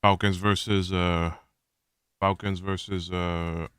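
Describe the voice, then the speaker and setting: Bright, crisp-voiced male streamer. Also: deep voice, level tone, slow pace, no room sound, studio quality. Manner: rambling, restarting sentences, exasperated about tech issues. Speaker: streamer hosting a watch party. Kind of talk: casual live-stream chat.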